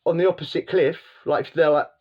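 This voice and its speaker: A man voicing an eccentric, excitable old male shopkeeper who insists on what he tells. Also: on the high side, fast talker, muffled recording, pitched above the performer's own voice, lightly acted. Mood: insistent, excited.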